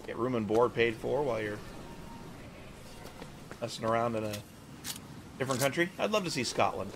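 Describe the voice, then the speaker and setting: A man's voice: mid-range voice, normal speed, background noise. A man giving casual, sarcastic commentary while playing a video game. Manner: sarcastic, joking asides. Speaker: let's play gamer. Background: game music.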